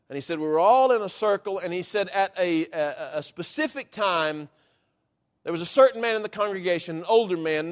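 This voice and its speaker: A man preaching, retelling a baptism story in a folksy, deliberate storytelling manner. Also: high voice. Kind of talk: sermon storytelling.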